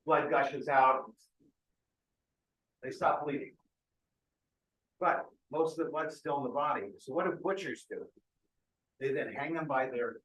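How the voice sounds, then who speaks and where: A man's voice: mid-range voice, fairly bright tone. Man lecturing in an echoey hall. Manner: engaging, checks in with the audience often. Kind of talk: keynote medical lecture.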